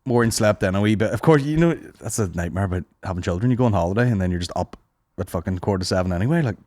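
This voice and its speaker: A man's voice: fairly low pitch, lively intonation, rapid-fire, a little mellow, no room sound, studio quality. A man, telling crude stories in a rambling, casual way as a podcast co-host. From Northern Ireland. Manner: crude, rambling storyteller, swears a lot. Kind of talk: casual comedy chat.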